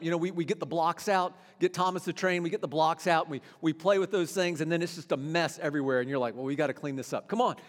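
High-voiced pastor preaching in a reverberant hall. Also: male voice. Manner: earnest, conversational preaching with frequent repetitions and restarts. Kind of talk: sermon.

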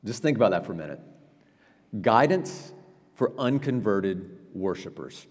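A man preaching as a pastor in a church, talking in a conversational way with frequent "right?" asides and quick restarts. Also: lowish voice, expressive, long reverb tail. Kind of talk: sermon. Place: church sanctuary.

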